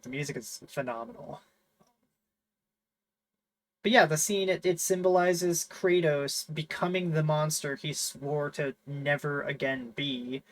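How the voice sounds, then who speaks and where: A man's voice: on the high side, poor audio. Rambling, enthusiastic young-sounding man. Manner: rambling, full of fillers and restarts. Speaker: host. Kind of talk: casual chat.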